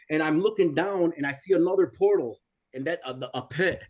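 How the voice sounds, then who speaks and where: A man's voice: fairly high pitch, fairly quick. A man in his forties telling a personal testimony in an intense, repetitive way, his voice rising when he pleads. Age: 40s.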